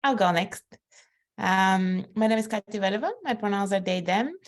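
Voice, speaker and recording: A woman from Bulgaria, a coach introducing herself on a panel over a video call, measured and pausing between phrases. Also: medium pitch.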